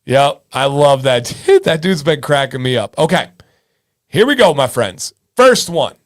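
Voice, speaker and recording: A man's voice: mid-range voice, sing-song, measured pace. A man in his thirties hosting a casual livestream, joking with viewers and breaking into bits of song. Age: 30s. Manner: jokey, sings snatches of songs, chats with viewers. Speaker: livestream host.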